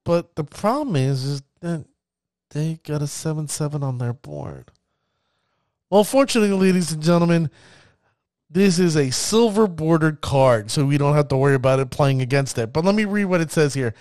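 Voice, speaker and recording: A man hosting his own podcast in excitable, hype-building casual talk, rambling with restarts as he announces guests and reads out cards. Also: fairly high pitch, normal speed, no echo, clean studio sound. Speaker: podcast host.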